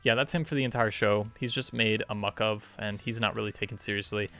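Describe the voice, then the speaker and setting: A man's voice: fairly low pitch, fairly even intonation, fairly quick, over loud music. A man doing a casual, rambling, sarcastic movie review video, joking as he goes.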